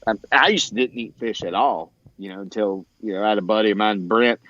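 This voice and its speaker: A man telling a long story in casual conversation, acting out what others said in a higher voice and laughing often, with plenty of fillers. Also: a little fast, dry recording, lo-fi sound. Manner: animated, acts out quoted dialogue in a higher voice. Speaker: podcast guest.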